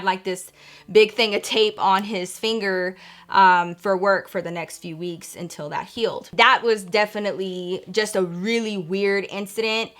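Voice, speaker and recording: A young woman casually telling a spooky personal story to her viewers, animated and acting out the voices of the people in it. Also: mid-range voice. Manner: animated, acts out quoted voices, addresses viewers as y'all. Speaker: storytime vlogger.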